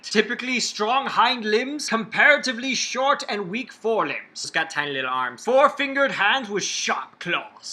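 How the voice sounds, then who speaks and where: A man's voice: high-pitched, sharp tone. A man talking in a casual, jokey vlog style on a laptop microphone at home, reading aloud and slipping into silly voices. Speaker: vlogger. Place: room at home by a window.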